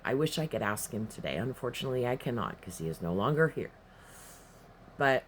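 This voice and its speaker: A man's voice: medium pitch, big pitch swings, normal speed, fairly bright tone, slight background noise. A man telling a personal story in a rambling, profane, emphatic way, with casual spoken delivery. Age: adult, past his teens.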